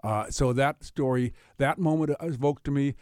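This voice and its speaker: A man being interviewed as a storyteller, talking in a halting way with many restarts, lively when he tells a tale. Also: medium pitch, dry recording, clean studio sound. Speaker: storyteller guest. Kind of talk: interview with told stories.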